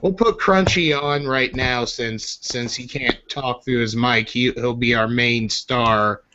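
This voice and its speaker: A man's voice: mid-range voice, slow. A man hosting a casual online group chat, rambling and joking with many fillers. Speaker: podcast host. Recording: slightly muffled with faint hiss.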